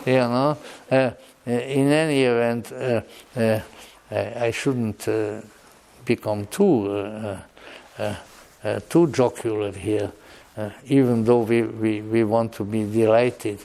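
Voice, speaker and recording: A man giving an unscripted public lecture in a wry, digressive way, with joking asides and halting restarts. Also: on the low side, steady tone, vocal fry, warm tone.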